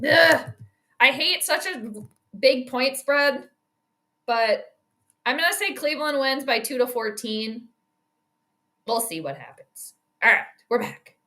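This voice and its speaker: A high, bright woman's voice chatting casually on a livestream. She rambles from one topic to the next, reacting to the game and greeting viewers as she goes. The tone stays light and talkative. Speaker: livestream host doing game commentary and astrology predictions. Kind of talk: casual live-stream chat and play-by-play reactions.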